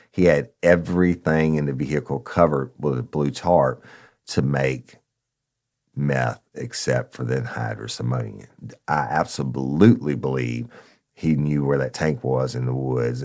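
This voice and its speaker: Man, former cop, true crime storytelling, very low voice, gravelly, blunt and profane. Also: darkish tone. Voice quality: gravelly, very deep. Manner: blunt and profane, addressing listeners as y'all. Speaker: former narcotics officer, storyteller.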